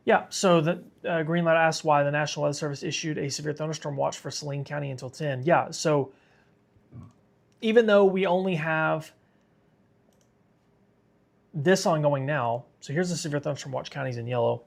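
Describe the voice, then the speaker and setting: A man's voice: a little high, moderate pace, gravelly, pauses often. A man hosting a live severe weather stream, tired and sick, talking casually and reading viewer comments aloud. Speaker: weather livestream host.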